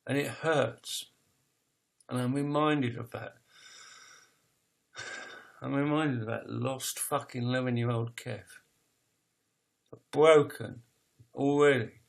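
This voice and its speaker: In a steady, creaky, medium-pitched voice, a man in his fifties confesses his life story as a poet, raw with emotion, full of halting restarts and blunt curses.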